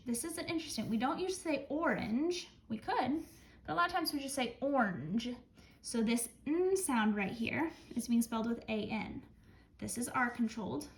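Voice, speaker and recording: A woman with a slightly raised pitch walks students through a spelling list in a clear, patient teaching voice. She counts down before going over each word, and a faint hiss runs under the recording. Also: low-quality recording. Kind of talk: spelling lesson.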